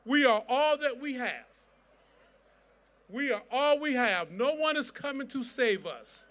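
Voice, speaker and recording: A man's voice: very high-pitched, lively intonation, measured pace, fairly bright tone. A man giving a fiery rally speech as a civil rights organization president, with a preacher-like cadence and rousing repeated chants.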